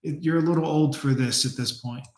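Male reaction host, sarcastic and profane, slightly high voice, echoey room. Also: steady tone, brisk. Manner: sarcastic, swearing, mocking asides. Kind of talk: casual mocking commentary.

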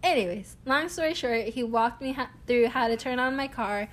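A young woman, telling a long everyday story in a casual, animated way and laughing often. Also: a little high, normal speed. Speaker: vlogger.

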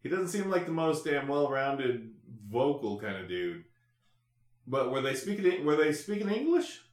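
Man, mid pitch, podcast host, teasing, keeps the talk moving, echoey room. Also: very animated, normal speed. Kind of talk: casual podcast chat.

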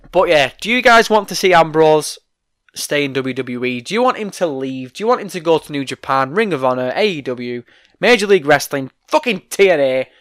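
A young man delivers a fired-up, profane solo commentary with a fairly high voice. His voice is straining and going hoarse as he rants, firing off his opinions fast and loud. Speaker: wrestling news host.

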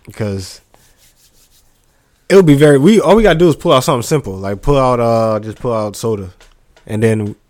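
A man's voice: mid-range voice, animated, normal speed, pauses often, a little mellow, no room sound, clean studio sound. A young American man chatting casually as he reacts to a video. He talks loosely, laughs often and swears freely.

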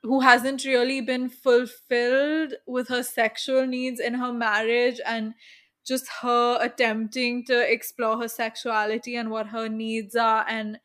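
Slow-talking young woman, slightly high. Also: flat delivery, a bit bright. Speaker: podcast co-host. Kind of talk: casual chat.

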